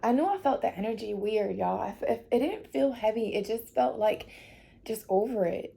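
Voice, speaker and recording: A woman speaks to her viewers during a tarot reading, her voice gravelly and mellow. She is emotional and close to tears, laughing it off and reassuring her audience that everything will be okay. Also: fairly high pitch, moderate pace. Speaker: tarot reader.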